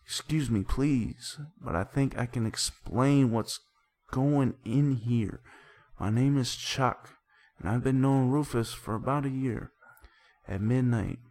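A man's voice: mid-range voice, slow, darkish tone, pitched above the performer's own voice, lightly acted. A man voicing a nervous secret lover explaining himself in a comic dramatic reading. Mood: pleading.

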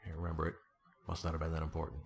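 A man's voice: very deep voice, completely flat delivery, racing, creaky. A middle-aged man chatting casually as an interview guest, rambling and self-deprecating, with lots of fillers and restarts. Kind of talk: casual conversation.

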